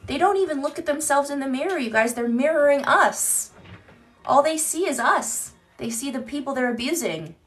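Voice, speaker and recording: A woman's voice: high-pitched, lively intonation, brisk, hardly any pauses, soft background music. A woman chatting candidly on a live stream into her phone, rambling and swearing casually as she reads comments.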